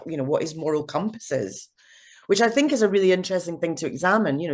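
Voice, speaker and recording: Chatty middle-aged actress, lively pitch. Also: female voice. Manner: chatty, many fillers and restarts. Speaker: actress guest. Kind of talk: casual interview chat.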